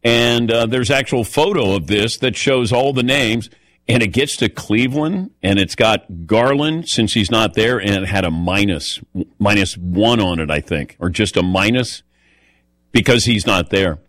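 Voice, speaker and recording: A man's voice: fairly low pitch, lively intonation, measured pace, a bit bright, no echo. Chatty man hosting a radio show. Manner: chatty storyteller, calls on co-hosts by name. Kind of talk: casual radio show chat.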